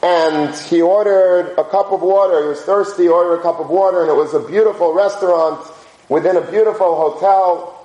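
A man's voice: sits high, steady tone, moderate pace, dark tone. A man teaching a conversational religious lecture, telling stories in an informal, anecdotal way and dropping in Hebrew and Yiddish terms. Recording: roomy echo.

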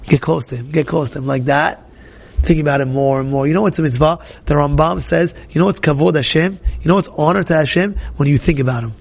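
Man teaching a casual Torah class, high gravelly voice, animated, repeats himself, quizzes the room. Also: fast talker. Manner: animated, repetitive, questions the audience directly. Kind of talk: informal Torah class talk to a live group.

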